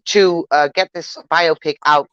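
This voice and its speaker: A frank, opinionated woman co-hosting a podcast, her voice fairly low and smooth. She comes through a remote call that sounds a little dull and dry. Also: steady tone, unhurried, a bit bright. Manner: frank, opinionated, reads comments aloud. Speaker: podcast co-host. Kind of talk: casual podcast chat.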